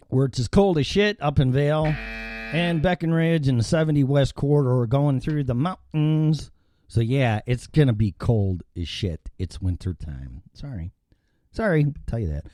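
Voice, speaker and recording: A man's voice: mid-range voice, mellow, no room sound. A man hosting a live opinionated talk show from an indoor studio, rambling and swearing freely. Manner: profane, rambling and ranting.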